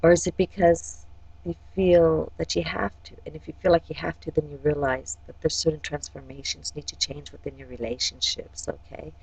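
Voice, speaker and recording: A woman's voice: low-pitched, little pitch movement, moderate pace, vocal fry, a little mellow, breathy edge, rough recording. A woman giving a casual, chatty horoscope forecast. She often checks in with "okay?" and talks directly to each sign. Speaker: astrology forecaster and life coach.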